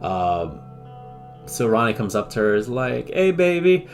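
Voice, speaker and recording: A man casually telling a story as a streamer, animated, laughing often and acting out what people said. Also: medium pitch, measured pace, faint music behind. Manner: animated, laughs often, swears, acts out quotes.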